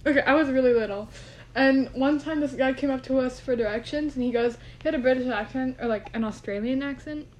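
Young woman, fairly high voice, rambling casual chat, no real mic. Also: brisk. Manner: chatty, rambling, laughs often. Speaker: podcast co-host. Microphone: no microphone, phone or computer.

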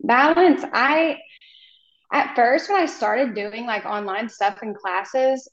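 A woman's voice: on the high side, expressive, slow, reverberant, highs cut off. A woman from Oklahoma, a hairstylist guesting on a podcast, talking in a friendly, rambling way with many ums. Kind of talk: casual podcast interview.

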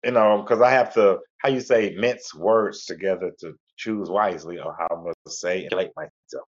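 Deep-voiced and speaking at a moderate pace, a talk radio host rambles through a relaxed, repetitive monologue. The sound has a lo-fi internet radio quality.

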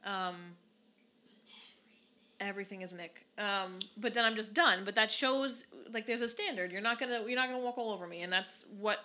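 A woman in her thirties co-hosting a casual podcast, telling stories in an animated way and swearing freely. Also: medium pitch, normal speed. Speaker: podcast co-host, mother. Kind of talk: casual chat.

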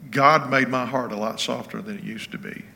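An older man in his seventies preaches an informal teaching sermon in a folksy, chatty way. His voice is bright and ringing at a middle pitch, carried by a long hall reverb. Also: fairly even intonation, moderate pace, creaky. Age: 70s. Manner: folksy, conversational, checks in with listeners. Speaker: pastor.

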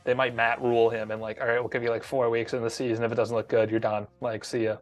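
A man co-hosts a casual sports conversation in a relaxed, thoughtful way. He often hedges his opinions with "I think" and talks at an easy, conversational pitch. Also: fast talker, no echo, highs cut off, soft background music. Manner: laid-back, reflective, hedges with "I think".

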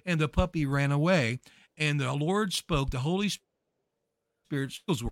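A man speaking as a guest minister, preaching with fervor and building to emphatic shouts. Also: a little high, animated, moderate pace, no room sound, clean studio sound. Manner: emphatic, rises to shouting peaks. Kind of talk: fervent preaching talk.

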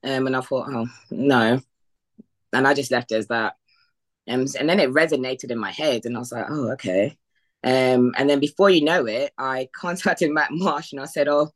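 A UK woman, a bodybuilding athlete appearing as a podcast guest, casually tells her story in an extremely low voice at a moderate pace. She acts out past conversations in quoted voices, filling her speech with fillers and laughter.

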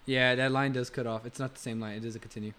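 A man hosting a loose podcast chat with friends, quick to laugh, swearing freely and directing everyone. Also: medium pitch, slight background noise. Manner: excitable, laughing, swearing, bossy. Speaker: podcast host. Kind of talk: casual chat among friends.

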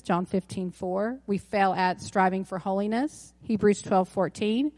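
A woman's voice: mid-range voice, darkish tone, no echo. Conversational woman pastor preaching a sermon. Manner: conversational, self-correcting with asides. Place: church sanctuary.

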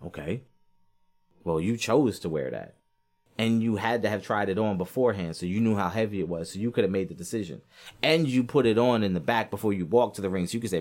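A man giving a casual, animated commentary on boxing, rambling with lots of fillers and acting out quotes. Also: lowish voice, brisk. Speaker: sports commentator.

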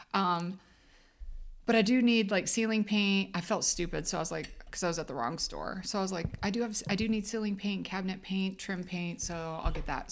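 A woman co-hosting a podcast tells a rambling story in casual chat, laughing a lot. Her voice is lowish and a bit bright.

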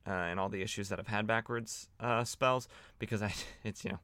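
A man's voice: fairly low pitch, steady tone, fairly quick, bright, forceful tone, no room sound. A man hosting a podcast, chatting casually and sardonically as he recaps old comic books, with lots of fillers and restarts. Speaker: podcast host.

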